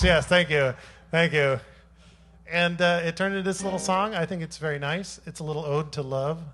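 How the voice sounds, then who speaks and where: A man's voice: fairly high pitch, a bit bright. Playful rambling bandleader, a man. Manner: playful, rambling, self-mocking storyteller. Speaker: bandleader and singer. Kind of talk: joking stage banter between songs. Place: live jazz showcase stage.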